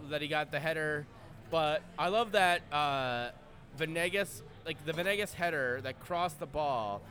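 Excitable swearing man, slightly high voice. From Minnesota. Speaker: podcast co-host. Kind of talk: casual sports chat.

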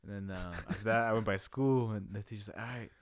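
A man's voice: fairly low pitch, fast, no room sound, clean studio sound. A young man in casual chat, telling a story in slangy, profane, laid-back talk.

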